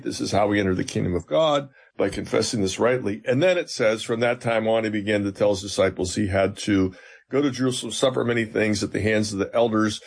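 A man's voice: mid-range voice, gravelly, husky. A man, a seminary professor, explaining scripture in an interview and retelling stories with emphatic quoted dialogue.

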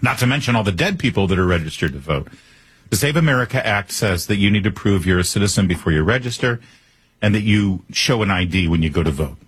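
A man's voice: low voice, animated, quick pace, breathy edge. A man hosting a political talk show, delivering a monologue with sarcastic asides.

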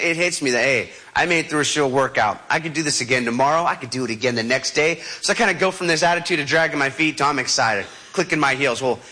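Bright-voiced man telling a dramatic story. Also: fairly high pitch. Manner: vivid, dramatic, adds sound effects. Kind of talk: animated personal storytelling.

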